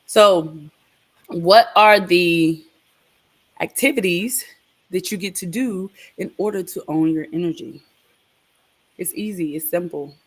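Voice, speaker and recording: A woman's voice: fairly low pitch, slow, long pauses. Upbeat motivational woman co-host. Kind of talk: casual live-stream chat.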